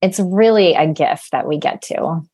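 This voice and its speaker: A woman guest speaking about spiritual ideas with clear enthusiasm. Her voice sits a bit low, and her phrases come quickly, one after another. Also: dark tone. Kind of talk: casual conversation.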